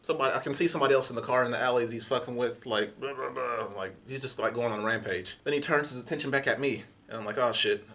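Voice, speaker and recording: A young man telling a comic story in an animated, profane way, acting out voices. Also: mid-range voice, very fast, few pauses, a little hiss or hum.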